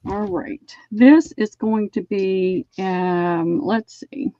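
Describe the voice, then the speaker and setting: A woman's voice: medium pitch, extremely slow, warm tone, no echo, dull audio. A woman with a Southern US accent, hosting a live online sale and chatting as she describes fabric pieces. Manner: chatty, describes fabric items aloud while selling. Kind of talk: casual live-sale chat.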